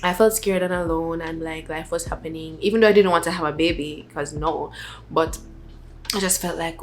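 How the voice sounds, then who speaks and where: A young woman vlogger in a casual sit-down chat, talking softly and rambling with many filler words. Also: deep voice, fairly even intonation, moderate pace, a little hiss or hum.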